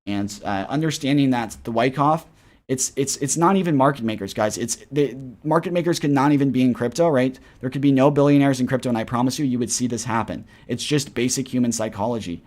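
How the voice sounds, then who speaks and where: A man giving casual, rambling chart commentary on a live stream. He keeps repeating "right?" and "guys", and his voice swings between loud and soft. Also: mid-range voice, fairly quick. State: tired after a flight. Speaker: crypto trading streamer.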